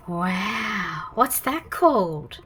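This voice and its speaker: An Australian woman reading a picture book aloud to young children, slow and animated, with gasps of surprise. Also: mid-range voice, slightly rough. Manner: animated, gasping, slow and exaggerated for toddlers. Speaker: storytime host reading picture books.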